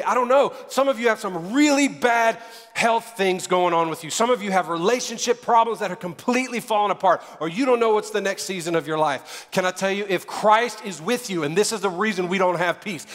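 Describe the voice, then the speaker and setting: A pastor preaching a sermon in a church, fervent and building to near shouting, with soft music under him. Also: male voice, high voice, big-room sound. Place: church sanctuary.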